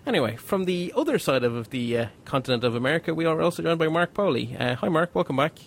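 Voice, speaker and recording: A man's voice: on the high side, lively intonation, fast talker, creaky. A man hosting a casual panel podcast, chatty and a bit rambling as he introduces guests and explains things. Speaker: podcast host.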